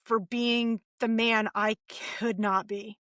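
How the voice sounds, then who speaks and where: Bright, high-voiced woman telling her story. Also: slow pace, dry recording, studio quality. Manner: animated, acts out quoted voices. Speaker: podcast guest. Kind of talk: casual storytelling interview.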